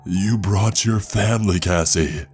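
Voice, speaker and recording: Man voicing a monster under the bed, deep and low, gloating, taunting, horror story. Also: measured pace, darkish tone, soft background music. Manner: taunting, gleeful.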